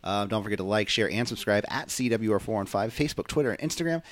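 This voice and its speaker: Low-voiced rambling podcast host man. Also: fast. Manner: animated, rambling, many fillers. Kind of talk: casual podcast chat.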